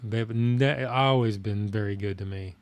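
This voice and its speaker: A man's voice: fairly low pitch, a little slow, no echo. Man, folksy live-stream host, casual rambling talk, dry close mic. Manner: plainspoken, folksy, rambling with fillers. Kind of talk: casual live-stream chat reading comments.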